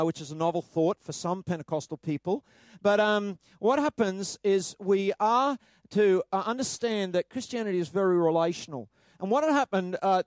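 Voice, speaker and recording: A man preaching a sermon as pastor, halting often with fillers and reading scripture aloud with rising emphasis. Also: high-pitched, a little mellow, no echo.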